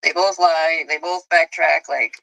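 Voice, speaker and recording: A chatty speaker from a played live stream, gossiping critically about other streamers. The voice is bright and a little sharp, at a middling pitch, and sounds dry and close to the mic. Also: fairly even intonation, measured pace, vocal fry, no echo, poor audio. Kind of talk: gossipy livestream commentary.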